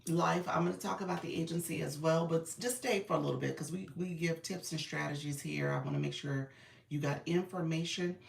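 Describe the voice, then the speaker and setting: A middle-aged woman hosting a casual live stream, congested and clearing her throat, chatting and laughing with her viewers. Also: low-pitched, steady tone, a little fast, roomy sound, recorded from a distance. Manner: chatty, laughs often, addresses viewers as y'all. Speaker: live stream host and creator coach.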